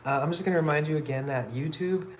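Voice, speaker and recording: A man chatting casually on a live stream while he builds art pieces, rambling in a relaxed way with lots of fillers. He talks into a phone in an indoor workspace. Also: on the high side, fast talker, slight background noise. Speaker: livestreaming artist.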